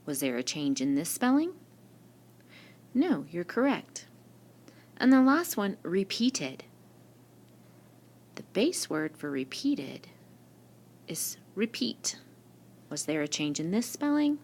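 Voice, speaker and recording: A woman teacher works through a spelling lesson at a slow, patient pace, asking her class questions and then answering them herself. Her voice sits a little low, but it rises and falls a lot as she explains each word. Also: big pitch swings, a little mellow. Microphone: screen-recording mic.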